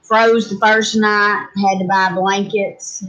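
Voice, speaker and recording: A woman's voice: medium pitch, flat delivery, slow, fairly bright tone, low-quality recording. A middle-aged woman with a Louisiana Southern accent, chatting folksily on a homestead livestream and reading out viewer comments. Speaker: homestead channel co-host.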